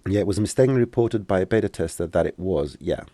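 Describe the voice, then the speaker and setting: Give me a man with a deep voice and a dry close sound, casually fielding questions in a live tutorial stream. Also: lively intonation, fast, dark tone, no room sound. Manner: casual, joking, hesitant with many fillers. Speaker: software instructor.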